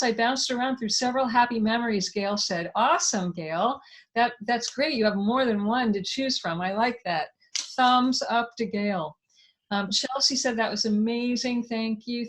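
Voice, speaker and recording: Effusive high-voiced woman host. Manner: effusive, enthusiastic, reads viewer comments aloud. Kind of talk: live online interview wrap-up.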